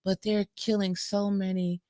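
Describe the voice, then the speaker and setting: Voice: medium pitch, little pitch movement, a little slow, dark tone, no echo, studio quality. A co-host in casual political talk show chat who speaks hesitantly and restarts sentences.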